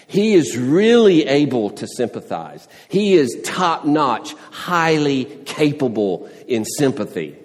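Slow, earnest preaching man in reverberant hall. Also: medium pitch, sing-song. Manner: earnest preaching with rising emphatic questions, uses homely illustrations. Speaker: pastor. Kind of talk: sermon.

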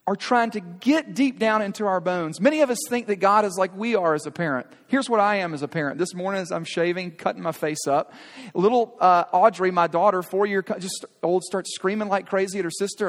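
High-voiced pastor preaching in a reverberant sanctuary. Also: male voice. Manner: earnest, urging, direct address with rhetorical questions. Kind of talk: sermon. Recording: long hall reverb.

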